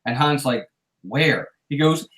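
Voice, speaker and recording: A man hosting a casual movie review chat, animated and laughing often as he acts out movie quotes. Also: fairly high pitch, normal speed. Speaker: podcast host. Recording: echoey room.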